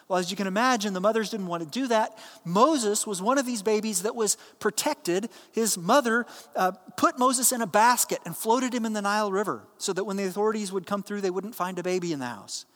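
A man giving a sermon as a pastor, telling a story in a plain, conversational way and dropping his voice low and soft when he voices the people in it. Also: a little fast, hardly any pauses, in a large hall.

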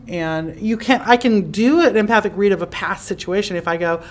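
A chatty woman hosting in front of a live audience, her voice sitting at a middle pitch. She explains things in a loose, conversational way, and she voices imagined thoughts with sudden, lively jumps in pitch. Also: fairly quick, few pauses. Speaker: podcast host and psychic teacher. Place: conference room with a live audience.

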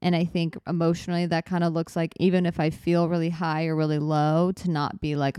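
A young woman hosts her own podcast and talks candidly, often wandering off on tangents as she thinks aloud. Her voice sits a little low and sounds smooth and clean. It is recorded close up, with a dry sound and no room echo. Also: flat delivery, a little fast, few pauses, a little mellow. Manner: rambling, candid, self-reflective. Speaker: podcast host. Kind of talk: casual solo podcast talk.

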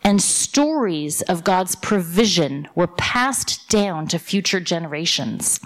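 A woman preaching a sermon, retelling a parable and a modern story in a lively storytelling way. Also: on the low side, slow pace. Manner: lively storyteller, voicing characters in quotes.

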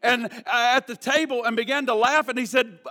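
A man preaching a sermon at a church service. He moves from hushed prayer to loud, emphatic preaching and repeats words as he builds emphasis. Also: very high-pitched, fairly even intonation, normal speed. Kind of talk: sermon with a prayer and a storytelling illustration.

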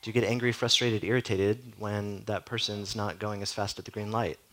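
A man's voice: fairly low pitch, flat delivery, moderate pace, fairly bright tone, low-quality recording. A man preaching a sermon as a pastor, in a conversational way full of "like" and direct questions to the listeners.

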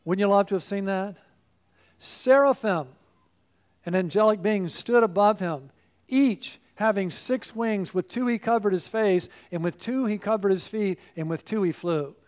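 A high-voiced man preaches a sermon at a somewhat slow pace. His delivery is emphatic, swelling into loud exclamations before sinking to quiet asides.

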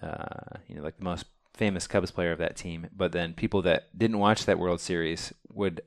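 Deep-voiced, smooth man hosting a podcast. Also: fairly even intonation, normal speed. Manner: rambling, many fillers. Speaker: podcast host. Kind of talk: casual chat.

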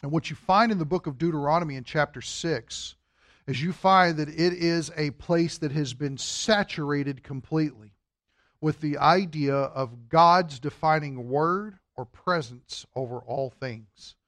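A man's voice: a little high, measured pace, a bit bright, no echo. A man teaching a Sunday school Bible class in an earnest, explanatory way, drawing out key words for emphasis.

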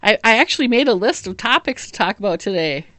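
A woman's voice: medium pitch, animated, quick pace, fairly bright tone, dry recording. A woman chatting casually as a podcast co-host, rambling with lots of fillers and frequent laughs. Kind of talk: casual chat.

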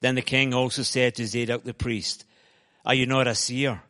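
A Scottish man with a Glasgow accent reads scripture aloud at a steady, measured pace, and his delivery lifts when he voices quoted speech. His pitch sits mid-range for a man. The reading rings out with a long reverb, as in a large hall. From Scotland. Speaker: scripture reader.

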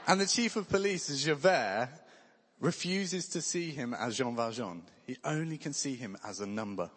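A man's voice: mid-range voice, big pitch swings, moderate pace, a bit bright, a little hiss or hum. Man preaching in a reverberant hall. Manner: earnest, conversational preaching with light humor. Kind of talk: sermon.

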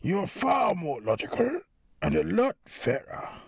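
A man voicing a timid older veteran who speaks softly and meekly, higher and quieter than the narration. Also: sing-song, takes it slowly, breathy edge, dry recording, exaggerated voice. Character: timid older male war veteran, cowed.

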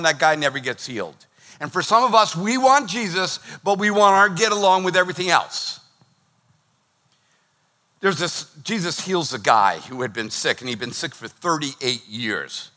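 A middle-aged man preaches a sermon with a high, bright, forceful voice. He talks in an animated way and slips into the voices of the people he quotes. His delivery is that of a pastor speaking from the pulpit.

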